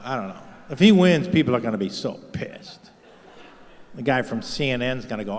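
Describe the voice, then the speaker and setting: A man's voice: mid-range voice, lively intonation, moderate pace. A middle-aged man doing a crude, profane stand-up comedy set on stage, mocking and punching up each line. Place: large comedy venue with live audience. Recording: live stage mix with hall reverb.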